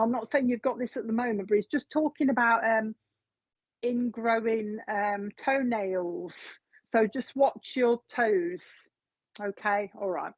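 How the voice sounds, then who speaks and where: Woman, psychic medium, live reading, breathy, repeats quoted lines, hesitant pauses, muffled lo-fi sound. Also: medium pitch, a little mellow, no room sound. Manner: relays spirit messages, repeating quoted phrases with frequent pauses. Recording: dull lo-fi recording.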